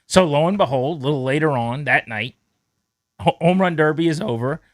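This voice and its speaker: A man hosting a sports radio show, telling a story in a lively, animated way and acting out the quotes in it. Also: a little high, a little fast, no room sound, studio quality. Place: radio studio. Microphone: studio mic.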